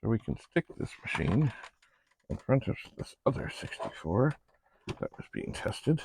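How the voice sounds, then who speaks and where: A man's voice: mid-range voice, big pitch swings, measured pace, creaky, noisy background. A middle-aged man hosting a vlog, chatting casually as he narrates each step of his work with playful little asides. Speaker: vlog host testing vintage computers. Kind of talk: casual narration while working.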